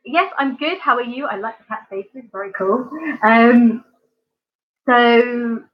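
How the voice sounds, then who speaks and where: A woman's voice: a little high, slow pace, muffled recording, a little hiss or hum. A woman from near London with a southern English accent, chatting casually with viewers on a live stream and rambling with lots of ums and giggles. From England, near London. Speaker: art channel host.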